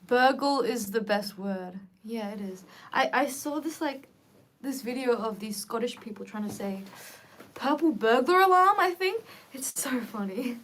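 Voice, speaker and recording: A young woman chatting casually to viewers on a livestream, lively and quick to react. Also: fairly high pitch. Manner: chatty and animated, switching between English and Korean. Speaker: livestream host.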